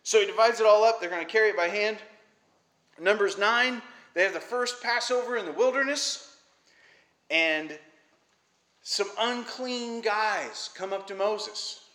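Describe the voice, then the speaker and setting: A man's voice: high voice, measured pace, pushed and bright. A man teaching the Bible in a casual, conversational way, asking rhetorical questions. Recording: roomy echo.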